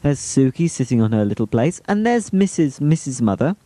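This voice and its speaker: A cheeky man narrating home videos with teasing asides. His pitch is lively and jumps around, and the sound is dry and close. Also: brisk, dry recording. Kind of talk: humorous home-video voice-over commentary.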